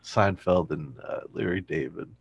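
A man with a low, gravelly and husky voice recaps a sitcom plot in casual chat. He jumps into quoted lines as he tells it. The sound is dry and close. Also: measured pace, dry recording. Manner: animated retelling, acts out quoted lines. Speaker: podcast co-host recapping an episode.

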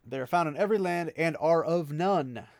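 A man giving voice to a grave, calm sorceress. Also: a little high, moderate pace, gravelly, dry recording, clean studio sound, voice pushed up.

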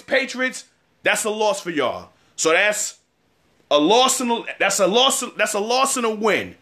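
A man's voice: sits high, bright, forceful tone. A man in his thirties giving a casual sports opinion segment, trash-talking rival fans with lots of repetition. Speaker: sports commentator.

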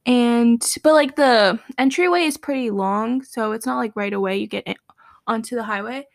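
A young adult woman chatting with a friend, telling a long, animated story full of fillers. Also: on the high side, normal speed, creaky, no echo. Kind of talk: casual chat between friends.

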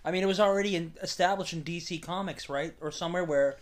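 A man's voice: a little high, quick pace. A man co-hosting a casual podcast, rambling and loose in his banter. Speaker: podcast co-host.

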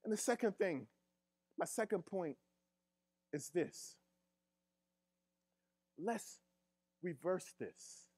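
A pastor with a rather high male voice delivers his sermon with emphatic repetition. He keeps checking in with the congregation, and his phrasing is loose and colloquial. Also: expressive, takes it slowly, long pauses, a little mellow, husky. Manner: emphatic, repeats key phrases, call-and-response with the congregation; casual colloquial grammar.

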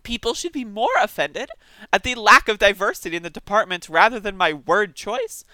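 A man's voice: sits high, moderate pace, bright, forceful tone, clear, resonant tone, no room sound. A man giving casual, sarcastic news commentary, reading articles aloud and reacting with disbelief. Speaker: political commentary streamer.

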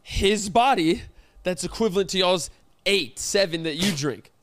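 A man's voice: high voice, measured pace, no room sound. A young man co-hosting a podcast, telling stories in casual banter and acting out what people said. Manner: animated storyteller, acts out voices. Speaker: podcast co-host.

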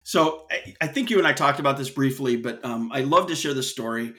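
A man's voice: mid-range voice, a little fast, bright, forceful tone. A man speaking as a guest on an interview podcast, earnest and storytelling, often restarting his sentences. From United States. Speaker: guest, association executive.

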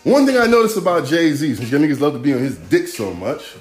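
A man's voice: fairly high pitch, sing-song, fairly quick. A man hosting a podcast, ranting casually in profane, rambling, rhythmic street talk. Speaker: podcast host. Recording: echoey room, faint music.

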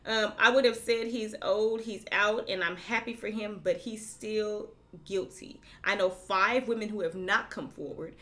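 A woman's voice: mid-range voice, steady tone, a little slow, few pauses, a bit bright. A woman co-hosting a casual chat, reading out news and pushing back firmly in debate. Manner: firm, pushes back in debate. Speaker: podcast co-host.

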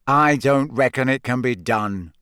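A man voicing a blunt teenage boy who speaks flatly, in a storybook reading. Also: on the high side, moderate pace, dry recording, clean studio sound, pitched above the performer's own voice. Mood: glum. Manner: flat, blunt.

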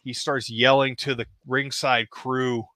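A man narrates a toy wrestling show play-by-play in an easy, casual way and gets excited at the pin counts. His voice is bright and forceful. The sound is dry and close. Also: mid-range voice, measured pace, dry recording. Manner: casual, hedging with "kinda", excited at pinfalls.

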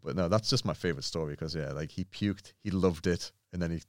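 A young man, a podcast guest, telling animated stories in casual chat, full of fillers and swearing. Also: sits low, fast talker, dry recording, studio quality. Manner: animated storyteller, swears freely, many fillers. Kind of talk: casual storytelling.

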